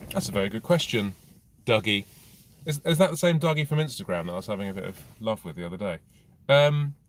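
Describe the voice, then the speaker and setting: A man chats through a live Q&A from his car. His voice sits a little low. He wanders off topic often and swears freely, delivering it all with dry, deadpan humour. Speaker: motorcycle vlogger answering viewer questions. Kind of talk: casual live Q&A chat.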